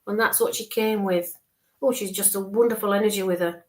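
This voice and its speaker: During a live online reading, a woman working as a spiritual medium slowly describes her visions, repeating herself. She often checks in with a soft, reassuring "okay," speaking in a steady, mid-range voice.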